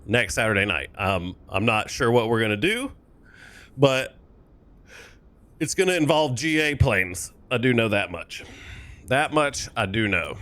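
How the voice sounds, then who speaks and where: A man's voice: mid-range voice, sing-song, unhurried, long pauses, a bit bright. A young man chatting casually on a live stream, joking, laughing and thanking viewers while setting up a flight.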